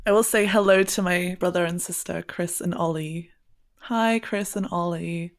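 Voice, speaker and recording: A woman's voice: fairly low pitch, fairly even intonation, moderate pace. A woman from northern England co-hosting a casual podcast chat, chatty and laughing at herself, a bit tipsy. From northern England (Burnley). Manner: chatty, laughing, self-mocking. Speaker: podcast co-host.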